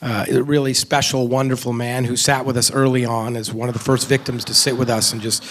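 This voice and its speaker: A man, a filmmaker, talking earnestly about his film in an onstage conversation, pausing and restarting often. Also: medium pitch, little pitch movement, a bit bright. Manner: earnest, reflective, frequent restarts and fillers. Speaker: film director discussing his film. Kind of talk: onstage conversation before an audience. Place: stage at a film festival event.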